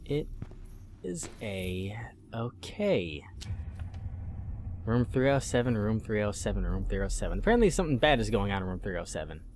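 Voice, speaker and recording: A man's voice: lowish voice, sing-song, very fast, hardly any pauses, a little mellow, a little hiss or hum. A man commentating a horror game he is playing, jumpy and swearing, talking back at the game. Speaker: gaming YouTuber.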